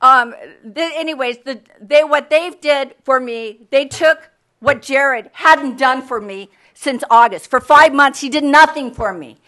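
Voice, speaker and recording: A woman's voice: high voice, a little slow, fairly bright tone. Angry older woman pleading at a council meeting. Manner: angry, pleading, repeats herself. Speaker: resident speaking at public comment. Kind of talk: public comment at a council meeting. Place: council chamber.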